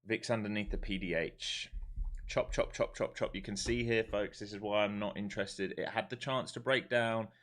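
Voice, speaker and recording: A man's voice: on the low side, fairly even intonation, moderate pace, a bit bright. A man with a London accent chatting casually on a live stream while giving blunt, laid-back market commentary. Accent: London English. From London, England. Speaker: live-streaming day trader.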